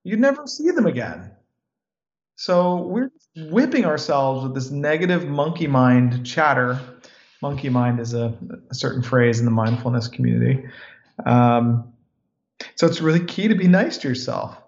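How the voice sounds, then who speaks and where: A man in his forties, a podcast guest speaking in a calm and reflective way. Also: mid-range voice, moderate pace. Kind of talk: podcast interview. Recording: roomy, dull lo-fi sound.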